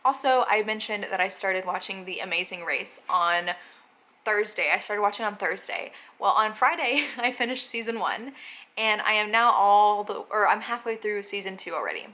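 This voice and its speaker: Bright-voiced chatty young woman vlogger. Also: mid-range voice, moderate pace. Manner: chatty, many "like" and "um" fillers. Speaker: book vlogger. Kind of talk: casual reading vlog updates.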